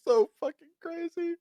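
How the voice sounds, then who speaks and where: A man co-hosting a podcast, telling stories in casual chat, laughing often and acting out the people he quotes. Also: no echo. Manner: animated, laughs often, acts out quotes in higher voice. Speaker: podcast co-host.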